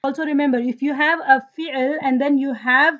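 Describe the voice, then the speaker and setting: A woman's voice: high voice, steady tone, moderate pace, a bit bright. A woman teaching an online Arabic grammar class, asking students questions, praising their answers and reciting Quranic verses. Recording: dull lo-fi audio.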